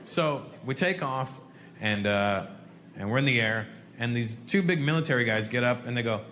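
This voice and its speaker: A man doing a stand-up comedy set on stage before a live audience, telling a profane, animated story and bantering with the crowd. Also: mid-range voice, normal speed, reverberant, a little hiss or hum.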